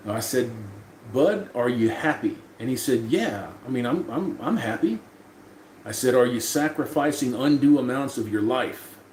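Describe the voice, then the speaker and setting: A man's voice: medium pitch, animated, moderate pace, a little mellow. A man hosting a casual livestream, reading chat messages aloud and talking back to them loosely, with plenty of swearing. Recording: roomy echo, faint room noise.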